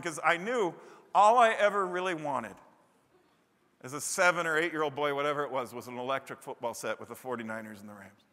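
A man preaching a sermon, animated, breaking into loud high-pitched bursts when he acts out what people say. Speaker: pastor. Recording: long hall reverb.

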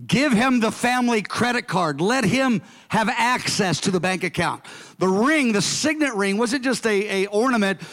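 A male pastor preaching a sermon, acting out the characters' lines slowly and emphatically. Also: high voice, a bit bright, in a large hall.

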